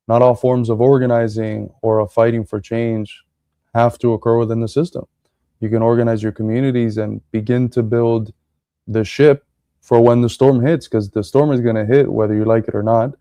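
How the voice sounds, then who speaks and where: A man co-hosting a political podcast, speaking bluntly and swearing casually in relaxed chat. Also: medium pitch, dry recording, studio quality. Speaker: podcast co-host.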